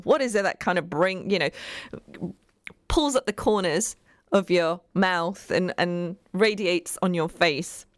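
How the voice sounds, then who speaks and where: A woman's voice: fairly low pitch, animated, a little slow, no room sound, clean studio sound. A woman hosting a community radio show, chatting in an upbeat, rambling way with many fillers. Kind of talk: casual radio chat.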